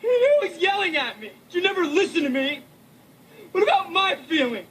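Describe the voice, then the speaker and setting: A woman's voice: sing-song, normal speed, a bit bright, slight background noise, exaggerated voice, poor audio. A woman voicing a whiny, emotional teen basketball jock who is having a breakdown. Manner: whiny, emotional, high-pitched. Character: whiny teen jock boy breaking down, and his gruff coach.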